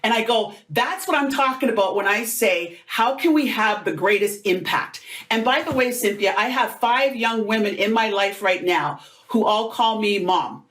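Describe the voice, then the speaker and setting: Animated middle-aged woman telling a story. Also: a little high, normal speed, few pauses. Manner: animated, acts out quoted voices. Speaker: guest, motivational speaker. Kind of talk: conversational storytelling interview.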